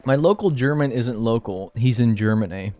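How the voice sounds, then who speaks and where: A man's voice: mid-range voice, moderate pace, darkish tone, soft background music. A young man live-streaming, reading viewer messages and answering them in casual, joking banter with bursts of mock outrage.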